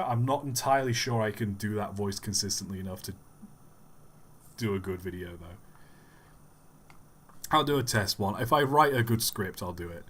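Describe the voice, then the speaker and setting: A man's voice: fairly low pitch, normal speed, long pauses, a bit bright, husky. A man live-streaming and giving rambling, wry commentary with the odd chuckle.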